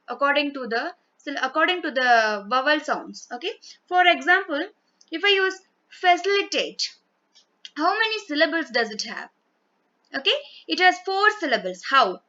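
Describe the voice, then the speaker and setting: Woman teacher, patient step-by-step grammar lecture, sharp bright tone. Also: sits high. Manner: explains step by step with frequent "okay" and spelled-out examples. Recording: dull lo-fi sound.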